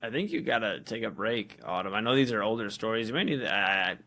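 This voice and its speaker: A man co-hosting a casual chat, reacting expressively and quickly. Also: lowish voice, sharp tone.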